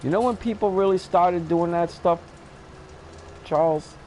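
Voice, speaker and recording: A man's voice: high voice, a little slow, darkish tone, slight background noise, poor audio. A man in his fifties hosting a gaming channel, chatting casually and telling blunt stories with frequent laughter. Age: 50s. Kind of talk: casual chat while gaming.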